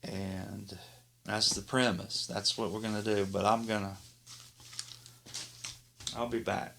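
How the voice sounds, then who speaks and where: A man's voice: lowish voice, flat delivery, measured pace, vocal fry, bright, forceful tone, a little hiss or hum. A man hosting his own show in rambling, casual chat, often laughing at his own jokes. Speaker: host.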